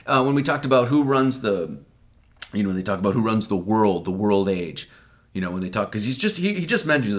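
A man delivers a loose, conversational sermon, his pitch swinging widely as he acts out scripture dialogue. He talks like he's chatting with friends and throws in the odd swear word. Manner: conversational, acts out quoted lines, swears casually. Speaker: preacher. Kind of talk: casual Bible-study sermon.

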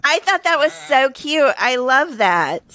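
A woman's voice: high voice, measured pace. A young woman co-hosting a podcast, reading out news stories and chatting with many laughs. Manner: giggly and animated, laughs often. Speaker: podcast co-host. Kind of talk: casual chat, reading news stories aloud.

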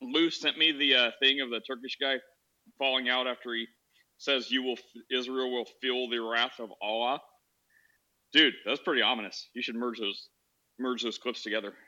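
A man hosting an online chat, joking around and asking quick questions. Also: medium pitch, fairly even intonation, bright, forceful tone, dull audio. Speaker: podcast host.

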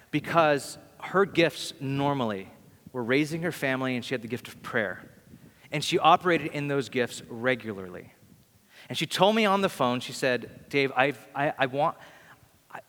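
Preaching in a church hall, a man with a mid-range, slightly bright voice relates stories in an easygoing way, putting on voices for the people he quotes. Long hall reverb hangs on the sound.

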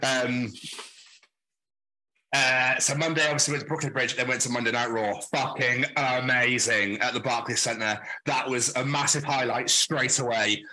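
A man's voice: mid-range voice, steady tone, normal speed, pushed and bright, a little hiss or hum, rough recording. Blunt man telling stories. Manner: blunt, swearing, storytelling, mimics others. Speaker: podcast host. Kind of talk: casual chat.

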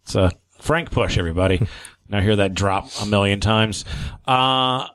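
Man, low voice, radio host, quick questions, dry studio sound. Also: a bit bright, no room sound. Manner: quick questions, easy laughter. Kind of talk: casual radio chat.

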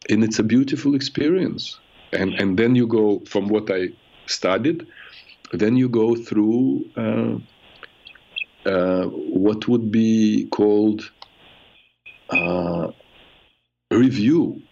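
A man hosting a call-in advice show, speaking earnestly and reflectively with frequent halting restarts. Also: lowish voice, creaky, dark tone. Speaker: radio show host and therapist. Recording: muffled radio broadcast sound.

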